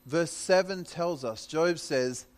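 Lively preaching man, slightly high voice. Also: slow pace. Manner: conversational preaching with dramatic paraphrase. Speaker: pastor. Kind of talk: sermon.

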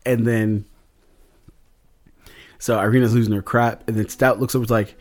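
A man's voice: lowish voice, level tone, moderate pace. A man casually recapping his tabletop game session as a podcast host, rambling with lots of fillers. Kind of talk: casual chat.

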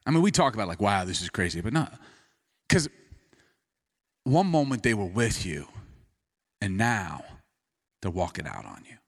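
A man preaching a sermon, telling the story with animation and dropping to quiet intensity. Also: fairly low pitch, sing-song, unhurried, long pauses, husky.

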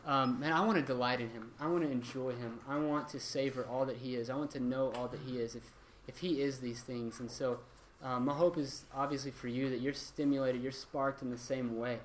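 A man's voice: medium pitch, fairly even intonation, brisk, few pauses, slight background noise. A young man teaching a church Bible class in a conversational way, with many ums and restarts.

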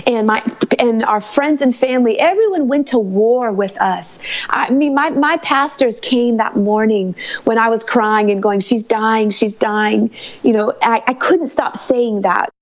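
A woman gives her testimony in a fervent, emotional way. Her voice sits fairly high. The recording sounds dull and muffled. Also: a little slow. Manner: fervent and emotional, faith-filled. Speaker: mother telling her story. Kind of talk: testimony interview.

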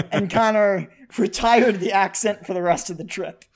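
A man co-hosts a podcast in relaxed, casual chat. He spins a story with a teasing edge, pausing on fillers as he goes. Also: sits high. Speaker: podcast co-host.

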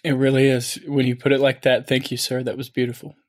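A man's voice: mid-range voice, flat delivery, fast. A man co-hosting a comedic interview, earnest and easily moved in his reactions. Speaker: co-host.

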